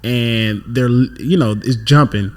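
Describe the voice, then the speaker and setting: Animated young man telling a story. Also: mid-range voice, slow pace. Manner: animated storyteller, acts out quotes, swears freely. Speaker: podcast guest. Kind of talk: casual storytelling.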